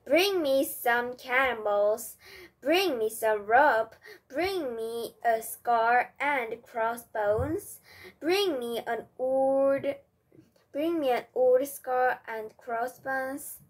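A loud, bossy pirate ship's cook barks out her list and orders the crew about, as a woman reading a storybook puts her on. The voice is breathy and a little high, and she lets each command land slowly and firmly. The storybook delivery stays cheerful. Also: lively intonation, heavily acted. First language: Korean.

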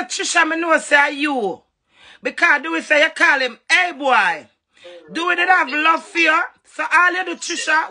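A woman's voice: high-pitched, pushed and bright. A Jamaican woman on a live stream, scolding another woman in a heated, confrontational rant, often mimicking what others said. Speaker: social media personality on a live stream.

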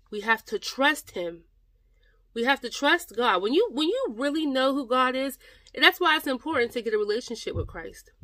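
A woman's voice: medium pitch, sharp tone, dry recording. A woman talking to her viewers about faith, exhorting them and repeating her points, calling them "y'all" and getting close to tears at moments. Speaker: faith vlogger. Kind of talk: personal devotional talk to camera.

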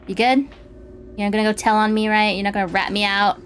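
A woman's voice: medium pitch, flat delivery, fast talker, a bit bright, a little hiss or hum. A woman commenting casually while playing a game, swearing and squealing when startled. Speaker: gaming streamer. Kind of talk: casual let's-play commentary.

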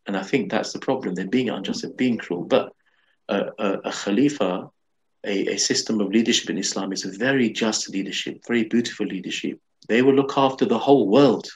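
Gravelly-voiced man, earnest guest imam. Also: on the low side, brisk, poor audio. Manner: earnest, repetitive restarts. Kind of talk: conversational interview.

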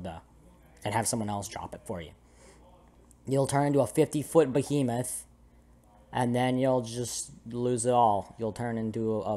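A young man gives comedic let's play commentary over a video game, goofy and jokey with sudden dramatic outbursts. His voice is mid-range and a little mellow.

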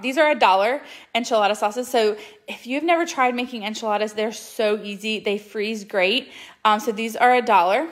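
A woman, chatting casually and upbeat through a shopping haul with plenty of ums. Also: a little high. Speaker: couponing vlogger.

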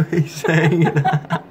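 A man filming his pet lizard on a phone, talking to it in a slow, easygoing, cooing way. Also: on the high side. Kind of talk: casual home video chat. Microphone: phone camera. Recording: noisy home phone recording.

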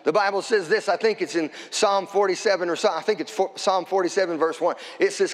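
A man preaches a sermon from the pulpit, weaving in scripture and climbing to shouts when the message peaks. His voice sits fairly high for a man. A long reverb from a church sanctuary trails every line. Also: fairly even intonation, a little fast, few pauses. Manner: preaching with scripture quotes, rising to shouts at climaxes. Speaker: pastor.

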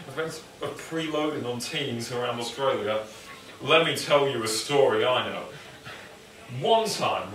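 A man's voice: mid-range voice, normal speed, fairly bright tone, far from the mic. An English man hosting a cooking vlog, rambling casually and joking at his own expense. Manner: joking, self-deprecating, rambling. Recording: echoey room, mic some way off, faint noise.

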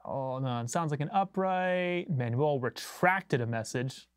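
A relaxed man chats with his livestream viewers in a loose, rambling way, chuckling between thoughts. His voice sits a bit higher than most men's and comes across close and dry, with hardly any room sound. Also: a little slow, few pauses, no room sound. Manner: laid-back, rambling, chuckles often. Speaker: bassist hosting a livestream. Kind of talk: casual livestream chat with viewers. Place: recording studio.

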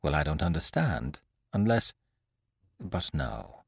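A man's voice: a bass voice, sing-song, takes it slowly, creaky, husky, no room sound, voice pushed down, heavily acted. A man voicing a sad, resigned young noblewoman who gives polite, hesitant answers in an audiobook.

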